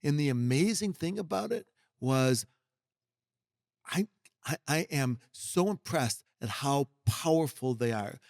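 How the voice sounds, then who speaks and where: A man's voice: medium pitch, expressive, measured pace, vocal fry, darkish tone, no echo. Man, middle-aged, podcast guest, emphatic, folksy, dry close recording. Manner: emphatic, folksy, acts out quoted voices. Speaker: guest executive mentor. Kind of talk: podcast conversation.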